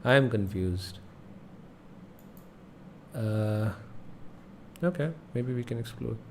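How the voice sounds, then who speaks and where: A man's voice: medium pitch, slow pace, a little mellow, a little hiss or hum. A man hosting a casual gaming livestream, thinking aloud and muttering as he reads signs under his breath. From India. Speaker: livestream host.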